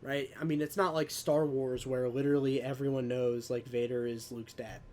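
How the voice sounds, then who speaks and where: A man's voice: medium pitch, little pitch movement, moderate pace, a little mellow. Easygoing man chatting on a podcast. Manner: easygoing, agreeable, casual swearing. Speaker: podcast co-host. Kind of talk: casual chat.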